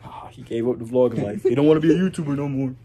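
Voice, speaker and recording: A man's voice: mid-range voice, racing, dark tone. A young man hosting a casual vlog on a phone camera, teasing the people around him and laughing often. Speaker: vlogger host.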